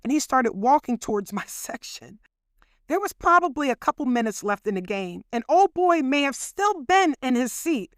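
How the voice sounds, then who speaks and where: A woman host casually telling a personal story, chatty and animated, speaking straight to her listeners. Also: sits high, normal speed, dry recording, studio quality. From Philadelphia.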